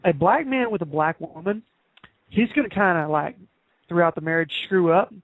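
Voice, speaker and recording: A male podcast host chatting casually, his voice sitting a touch high. He rambles through fillers and restarts and laughs easily. The audio is dry, narrow and phone-like. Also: normal speed, no echo. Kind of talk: casual chat.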